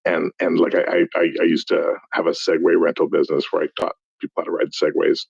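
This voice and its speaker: A man's voice: low voice, level tone, fast, gravelly, husky, no echo, highs cut off. A man from Montreal on a discussion panel, talking casually in a rambling, stammering, joking way. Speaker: debate panelist.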